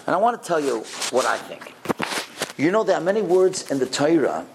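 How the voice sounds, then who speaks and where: A man telling a story in a sermon to a congregation, animated and peppered with Hebrew and Yiddish terms. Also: fairly high pitch, a little fast, creaky, background noise.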